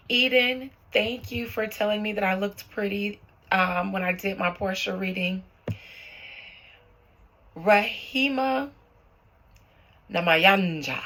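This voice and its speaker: A young woman hosting her own channel as a tarot reader, chatting warmly with viewers and calling them boo and y'all as she reads out their comments. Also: medium pitch, gravelly. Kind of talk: casual chat to viewers, reading out comments.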